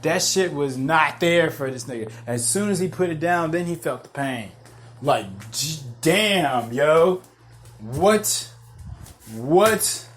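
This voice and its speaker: A man hosting a podcast, rambling in excitable, profane casual chat full of restarts. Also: fairly high pitch, takes it slowly. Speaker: podcast host. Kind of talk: casual chat about MMA fights.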